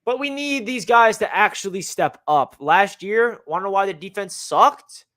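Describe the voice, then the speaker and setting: Hyped-up man with a high, bright voice. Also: normal speed. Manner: hyped, excitable fan talk. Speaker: sports fan livestream host. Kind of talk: casual livestream chat.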